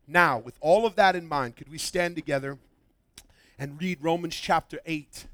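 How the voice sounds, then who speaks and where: High-pitched guy preaching, loud then hushed, dry close sound. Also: moderate pace, dry recording. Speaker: pastor. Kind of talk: sermon.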